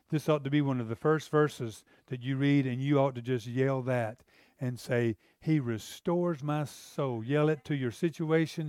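A middle-aged man preaching in a relaxed, earnest, conversational way, stumbling and repeating words as he builds his points. His voice sits a little high for a man and sounds clear and resonant. The sound is dry and close, with no room around it. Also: dry recording. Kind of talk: sermon.

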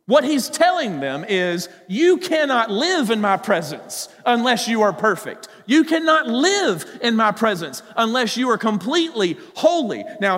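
A male pastor preaching a sermon, animated, swinging between loud emphasis and quiet low asides. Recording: hall with long reverb.

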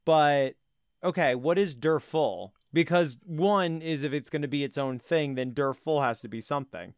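A man's voice: on the high side, normal speed, clear, resonant tone, dry recording, clean studio sound. A man co-hosting a comedy podcast, rambling in casual comedic banter with mock outrage and many restarts. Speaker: podcast co-host.

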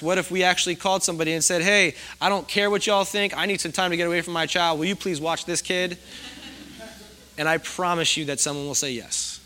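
A man's voice: a little high, bright, forceful tone. A middle-aged man preaching a sermon in a conversational, self-deprecating way, often putting questions to the congregation. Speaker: pastor.

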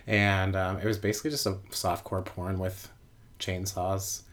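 A man's voice: deep voice, flat delivery, normal speed, fairly bright tone. A man in his late twenties casually telling a personal story, rambling with lots of asides. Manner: rambling, full of fillers and asides. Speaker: guest storyteller.

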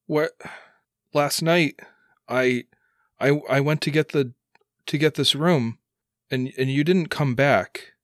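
A man's voice: a little high, takes it slowly, pauses often, dry recording, clean studio sound, voice pushed up. A man voicing a cheerful young son who has died, talking in a jokey, nervous way with laughs. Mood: frightened.

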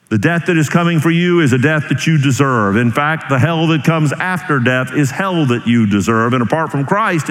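A man preaching a sermon as pastor, swinging between high emphatic bursts and slow, low, quiet passages. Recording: long hall reverb.

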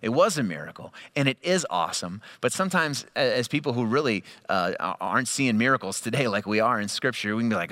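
A man delivers a sermon with a clear, bright tone and a relaxed, conversational manner. He drifts into storytelling and acts out quoted lines. His voice climbs with excitement at the high points. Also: moderate pace. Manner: animated storytelling, voice rising with excitement; conversational, with quoted asides and fillers. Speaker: pastor.

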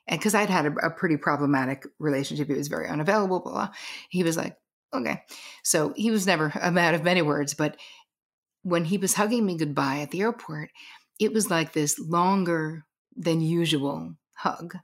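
A woman's voice: low-pitched, brisk. A middle-aged woman, a guest coach, telling a personal story in an earnest, emphatic way. She sometimes drops to a whisper to stress a point.

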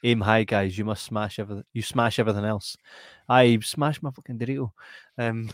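A Scottish man hosting a podcast, lively and quick to laugh as he reads viewer comments aloud. His voice sits at an ordinary middle pitch. The sound is dry and close, with no room around it. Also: no echo. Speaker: podcast host. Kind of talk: casual chat.

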